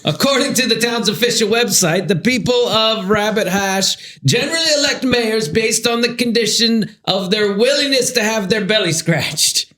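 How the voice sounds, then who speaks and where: Easygoing male co-host, slightly higher voice, chuckles as he reads. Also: expressive, normal speed, sharp tone, roomy sound. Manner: easygoing, chuckles between phrases. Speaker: podcast co-host. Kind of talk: casual chat, reading news stories.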